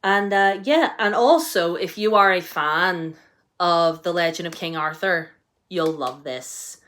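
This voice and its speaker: A woman's voice: lowish voice, expressive, measured pace, fairly bright tone. A young British woman reviewing books on her channel in a casual, rambling way, full of fillers and restarts. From United Kingdom. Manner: chatty and rambling, many fillers and restarts, enthusiastic. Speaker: book vlogger. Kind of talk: casual book review chat.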